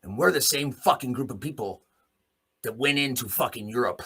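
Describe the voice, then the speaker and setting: Fiery profane man ranting, raspy and gravelly. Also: medium pitch, expressive, normal speed. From Alberta, Canada. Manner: profane, defiant, swings between muttering and shouting. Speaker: host. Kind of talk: angry podcast rant. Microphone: podcast mic in a small room.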